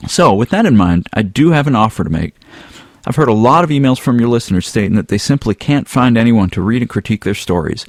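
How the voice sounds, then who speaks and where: A man hosting a casual podcast, reading a listener's email aloud in a relaxed, rambling way. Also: mid-range voice, quick pace, no echo, studio quality. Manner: relaxed, rambling, with some filler words. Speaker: podcast host.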